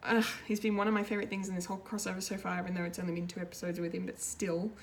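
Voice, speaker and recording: A woman reviewing a TV episode in a casual, rambling way, excitable and full of fillers and restarts. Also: on the low side, very fast, a little hiss or hum. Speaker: pop culture reviewer, show regular.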